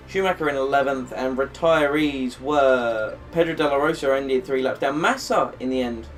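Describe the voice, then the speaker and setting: A man's voice: medium pitch, recorded from a distance. A man recapping a racing video game career race he just played, rambling and thinking aloud with fillers, tired after a long session. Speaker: gaming channel host.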